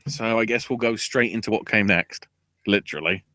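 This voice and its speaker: A man hosting a wrestling podcast, talking casually with sarcasm and swearing, and acting out quotes in loud bursts. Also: on the low side, normal speed, no room sound.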